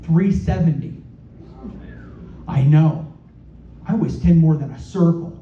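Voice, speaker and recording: High-voiced man doing stand-up in a club. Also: warm tone, slight background noise. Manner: halting, repeats words, self-deprecating. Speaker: stand-up comedian. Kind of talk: stand-up set. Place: comedy club stage. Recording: roomy, dull club recording from a distance.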